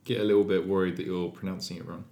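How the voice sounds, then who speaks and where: A man's voice: deep voice, level tone, rapid-fire, warm tone. A man co-hosting a podcast in casual chat, easygoing and hesitant, with many fillers. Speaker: podcast co-host. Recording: roomy echoey room.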